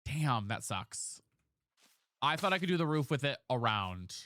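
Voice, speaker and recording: Male streamer, casual live chat, dramatic, very lively pitch, dry sound. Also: measured pace, dry recording. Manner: chatty and dramatic, thanks viewers by name.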